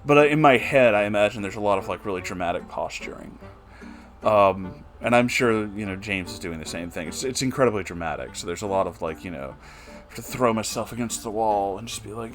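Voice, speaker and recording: A man's voice: lowish voice, expressive, fairly quick, soft background music. A man hosting a casual, rambling commentary on a fan fiction he is reading. He sounds amused, fills his talk with "like" and "you know", and swears now and then.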